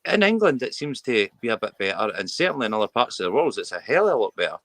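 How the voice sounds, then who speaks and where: A man's voice: medium pitch, big pitch swings, quick pace, a bit bright, no room sound. A Scottish man speaking candidly as a guest about men's mental health, earnest and often repeating words as he restarts. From Scotland. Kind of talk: candid interview talk.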